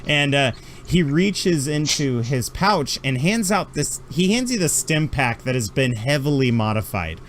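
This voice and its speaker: A man's voice: mid-range voice, animated, a little slow, few pauses, a little hiss or hum. A man narrating a tabletop game as game master, rambling through descriptions with fillers.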